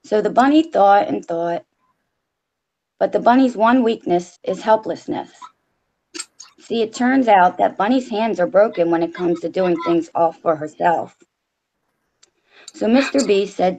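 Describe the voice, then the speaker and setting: A woman's voice: mid-range voice, a little slow, long pauses, dark tone, muffled recording. A woman co-host reading a story aloud in a casual, blunt way, swearing freely.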